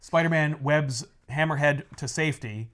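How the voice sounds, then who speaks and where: A man casually recapping a comic book plot with friends, animated, acting out characters' lines in quick voices. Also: a little high. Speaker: comic book podcast co-host.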